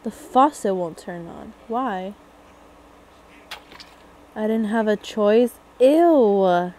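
A woman's voice: mid-range voice, expressive, extremely slow, warm tone, slight background noise, poor audio. A young woman giving casual commentary as she plays a horror game, thinking aloud and getting jumpy and scared as it goes on. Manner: thinking aloud, jumpy and frightened during chases. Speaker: gaming video creator.

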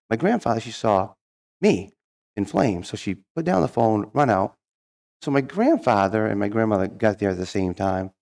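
Man with a cold, gravelly low voice, folksy church testimony. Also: darkish tone. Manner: folksy storyteller. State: has a cold. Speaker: church speaker sharing his testimony. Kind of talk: personal testimony and joke-telling.

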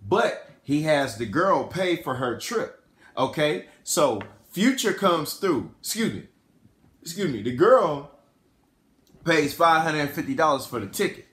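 Male host speaking AAVE, high-pitched and lively, rambling delivery, echoey room. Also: unhurried. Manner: rambling, self-correcting, animated. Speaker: podcast host. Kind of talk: casual storytelling commentary.

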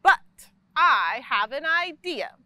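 A tiny, clever bat from a children's picture book, eager and a little bossy as it calls out orders, put on by a woman reading aloud. The voice is very high, bright and bouncy. It is recorded close and dry. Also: big pitch swings, slow, no echo, full character voice.

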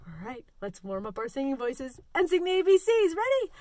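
A woman librarian leading a children's story time, reading a picture book and counting and singing in an animated, sing-song way for young kids. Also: high-pitched, moderate pace, no echo.

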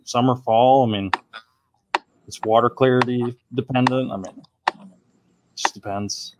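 A man's voice: mid-range voice, a little hiss or hum. A man who is a guest on a fishing podcast, speaking in a matter-of-fact way and often saying "I mean.". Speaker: podcast guest, tournament angler. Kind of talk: casual podcast chat.

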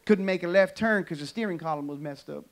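A man from California performing an animated stand-up comedy set for a church audience. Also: sits high, quick pace. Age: adult. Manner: animated storytelling punchlines. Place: church sanctuary, live audience.

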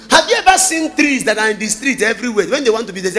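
A man with a Nigerian accent preaching a sermon, full of rhetorical questions and sudden shouted bursts. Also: sits high, animated, rapid-fire, soft background music. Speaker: pastor.

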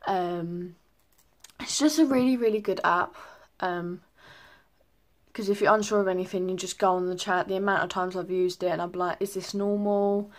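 A woman's voice: fairly low pitch, fairly even intonation, moderate pace. Chatty young woman vlogging. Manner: chatty, lots of ums, rambling. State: a little out of breath. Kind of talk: casual pregnancy update.

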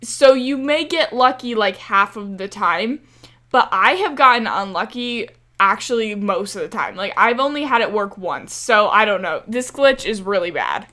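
A woman's voice: medium pitch, expressive, normal speed, bright, forceful tone. A young woman giving casual, chatty commentary over her gameplay, often exasperated and talking back to the game's characters. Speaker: gaming creator.

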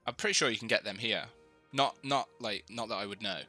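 Casting: young man, lowish voice with a very bright edge, lively and teasing. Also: a little fast, faint music behind. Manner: teasing, laughs a lot, animated. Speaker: gamer. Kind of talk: casual game chat with friends.

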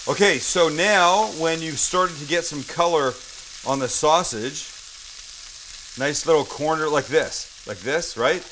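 A man's voice: on the high side, unhurried, a bit bright, a little hiss or hum, poor audio. A man hosting a casual cooking demonstration, chatty and enthusiastic as he walks the viewer through each step. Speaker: cooking show host.

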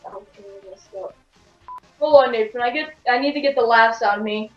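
Give me a flustered woman flubbing voice lines, a bit high, on a dull, roomy recording. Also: normal speed. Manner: flustered, breaks off after mistakes. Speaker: fan voice actor. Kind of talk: blooper reel of voice acting. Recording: dull echoey home recording.

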